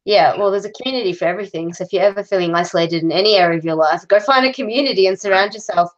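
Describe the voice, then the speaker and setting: A woman, chatting as a guest over a video call, relaxed and hesitant with many ums. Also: medium pitch, rapid-fire, highs cut off. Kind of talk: casual video-call chat.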